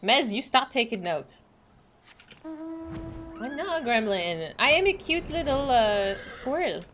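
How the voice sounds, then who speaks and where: A woman's voice: a little high, big pitch swings, measured pace, fairly bright tone, faint music behind. Bubbly, giggly woman streamer. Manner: bubbly, giggly, swears freely. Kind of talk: casual gaming livestream chat.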